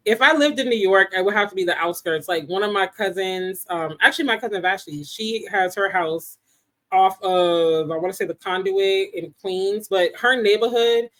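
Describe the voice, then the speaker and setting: A woman co-hosting a podcast in casual chat. She tells stories with animation and laughs easily, her pitch sitting in the middle range. She goes back and forth with her co-host in a relaxed, conversational way. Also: normal speed. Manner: laughs often, animated storytelling.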